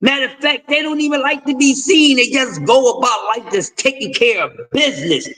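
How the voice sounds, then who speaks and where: Male stream host, very high-pitched, profane lecturing rant. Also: moderate pace, pushed and bright, rough recording. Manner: profane, confrontational, lecturing with repeated refrains. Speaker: host of a boxing talk stream. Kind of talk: ranting commentary.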